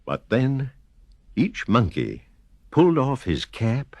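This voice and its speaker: Slow, lively storybook narrator, a man. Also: medium pitch. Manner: slow, deliberate, sing-song repetition.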